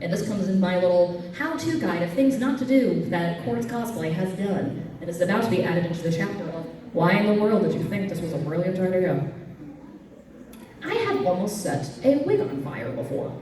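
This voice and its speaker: A woman telling comic stories on stage at a convention, lively and quick to leap into squeaky voices. She sounds far from the mic, and the sound rings around a big echoey hall. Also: slight background noise. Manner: animated, jumps to squeaky highs for quoted fans. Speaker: cosplay comedian. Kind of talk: stand-up comedy storytelling. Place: convention panel room.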